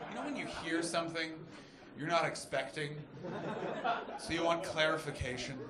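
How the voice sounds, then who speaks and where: A man from Canada performing a stand-up comedy set on a club stage, loud and manic, shouting his punchlines. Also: on the high side, fairly quick. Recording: echoey club with loud crowd laughter.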